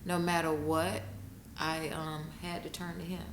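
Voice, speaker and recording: Low-voiced woman telling her story with feeling. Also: flat delivery, unhurried. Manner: emotional, bursts into laughing high-pitched retellings. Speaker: guest. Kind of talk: candid interview storytelling. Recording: echoey room with noticeable noise.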